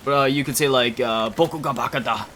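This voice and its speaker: A man's voice: mid-range voice, fast talker, bright, forceful tone, slight background noise. A man chatting casually while playing a game, rambling and correcting himself often, with lots of fillers and self-mocking chuckles. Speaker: gaming video creator. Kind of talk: casual chat over gameplay.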